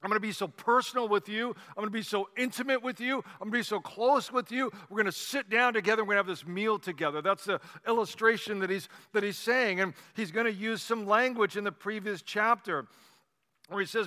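Brief: male pastor, conversational and animated sermon, high bright voice, long hall reverb. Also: a little fast. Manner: animated storytelling, conversational asides.

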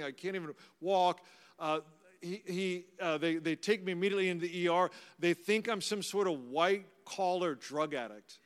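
A man's voice: high voice, clean tone. A middle-aged man, a pastor, telling personal stories in a conversational, humorous sermon. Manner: conversational, anecdotal, warmly humorous. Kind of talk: storytelling sermon. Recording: long reverb of a large hall.

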